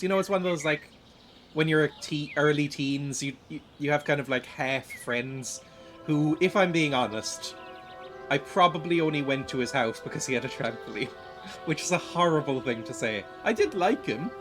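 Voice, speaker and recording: A young male streamer rambles through casual gameplay commentary in a somewhat high voice, tripping over and repeating his words. He jokes at his own expense, with game music playing in the background. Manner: rambling, self-deprecating, stumbles and repeats words.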